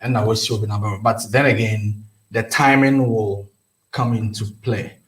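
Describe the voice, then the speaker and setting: A man's voice: lowish voice, steady tone, normal speed, fairly bright tone, roomy sound. A man with a Ghanaian accent, a lawyer giving legal advice on a talk show, explaining at length and mixing English with Twi phrases. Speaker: immigration lawyer.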